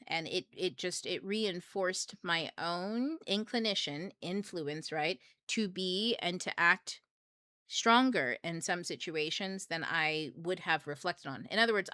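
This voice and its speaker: A woman's voice: on the low side, bright, forceful tone, dry recording. A young adult woman hosting a book club, talking casually and reflectively, laughing often and acting out her own thoughts.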